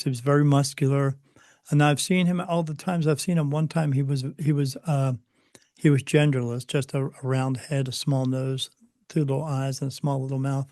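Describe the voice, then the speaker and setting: A man's voice: on the high side, a little mellow, no echo. Hesitant man with a dry close sound. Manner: hesitant, many fillers and restarts. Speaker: interview guest. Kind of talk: recounting personal spiritual experiences.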